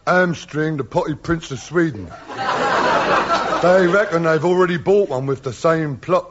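A plain-spoken, dim comic voice in a radio comedy sketch, played by a man. His voice sits slightly high, and he talks in a cheerful, unpolished way. The sound is dull, with loud audience laughter throughout. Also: measured pace, heavy background noise.

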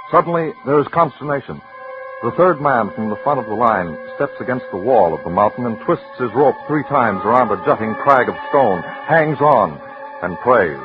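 A man narrating an old radio drama in a measured, suspenseful way, building tension line by line. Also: medium pitch. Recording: dull old radio recording with music.

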